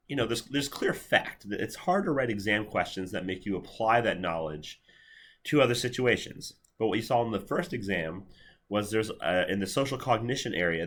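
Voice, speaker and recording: A man in his thirties teaching a university class in a lecture hall. His voice sits a bit low, and he talks casually, rambling with fillers and restarts. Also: a bit bright.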